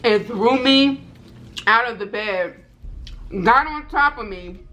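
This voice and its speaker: Bright-voiced woman telling a storytime. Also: a little high, takes it slowly. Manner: animated, repeats herself, addresses viewers directly. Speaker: vlogger. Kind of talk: storytime vlog.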